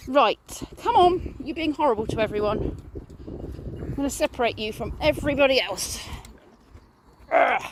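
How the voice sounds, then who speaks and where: A woman's voice: fairly high pitch, normal speed, long pauses, background noise. Chatty woman vlogging her garden chores. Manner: chatty, rambling storyteller narrating her chores. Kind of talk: casual vlog chat. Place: outdoors in a garden with animals.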